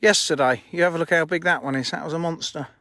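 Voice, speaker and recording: A high-voiced man rambling on a live stream from his fishing lakes, slightly out of breath from walking. He talks bluntly and swears casually. The phone sound is close and dry. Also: quick pace, sharp tone, no room sound. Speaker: fishery owner streaming live. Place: outdoors at a fishing lake.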